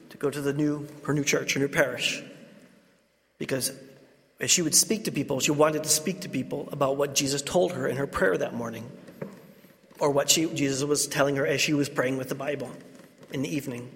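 A man's voice: mid-range voice, fairly even intonation, a little fast, a bit bright. A man, a Catholic priest, preaching a sermon and telling stories with laughing asides. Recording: reverberant hall.

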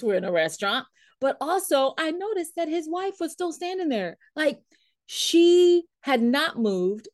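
A woman leadership coach and trainer tells a story during a coaching talk, animated throughout, acting out what people said and laughing often. Her voice is high-pitched, captured at studio quality with no echo.

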